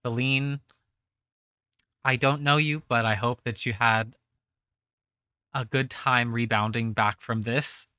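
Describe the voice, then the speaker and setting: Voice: medium pitch, fairly even intonation, slow, long pauses, bright, forceful tone, smooth, dry recording, clean studio sound. Profane, sarcastic reaction commentator.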